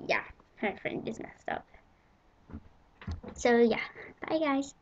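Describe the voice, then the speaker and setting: A female vlogger, chatting excitably to camera about a shopping haul and rambling with giggles. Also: a little high, takes it slowly, slight background noise. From England. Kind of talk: casual chat to camera. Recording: dull lo-fi home video audio.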